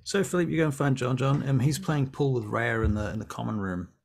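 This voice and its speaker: A man's voice: mid-range voice, brisk, vocal fry, a little hiss or hum. A man acting as game master, narrating a tabletop role-playing game in a loose, conversational way with casual swearing.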